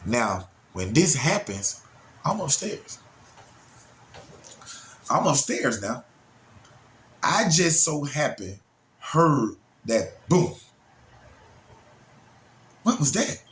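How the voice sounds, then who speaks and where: Animated man telling a story. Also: extremely slow, long pauses. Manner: animated, swinging pitch widely for emphasis; talks straight to listeners, often with "y'all" and "man". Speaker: storyteller recounting his childhood. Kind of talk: casual spoken storytelling.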